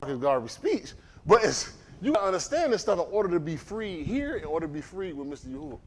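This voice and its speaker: A man with a high voice speaks fast as he preaches a livestreamed sermon. His delivery is animated and conversational, and he keeps posing questions to the congregation.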